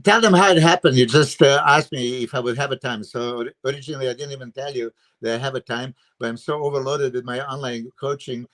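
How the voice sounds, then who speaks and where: A man's voice: medium pitch, steady tone, fast, hardly any pauses, fairly bright tone. Casting: emphatic guest coach, man, lots of "you know" and "uh", opinionated podcast talk over a video call. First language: Serbian. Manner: emphatic, filler-heavy, opinionated. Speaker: bodybuilding coach and guest analyst. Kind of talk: casual podcast chat.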